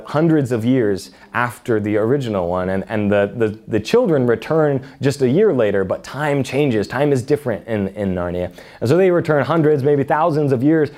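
A man's voice: medium pitch, a little mellow. A man preaching, who reads a story aloud expressively and then reflects on it in an unscripted way, with some restarts. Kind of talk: reading a story aloud with religious commentary.

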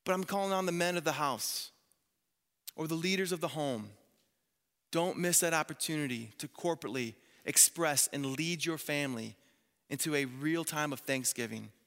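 Bright-voiced pastor preaching in a hall. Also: male voice, on the high side, moderate pace. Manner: animated storytelling, acts out quoted voices. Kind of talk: sermon. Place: church sanctuary. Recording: long reverb of a church hall.

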